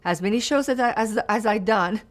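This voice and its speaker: Speaking fairly quickly at a medium pitch, this woman in her fifties is a singer whose first language is French. She responds to interview questions sitting down, reflective and sincere, often repeating words for emphasis.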